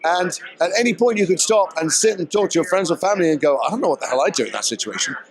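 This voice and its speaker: A man's voice: sits high, lively intonation, fast talker. A man being interviewed as an actor at a red carpet premiere, explaining his work in a thoughtful, articulate way.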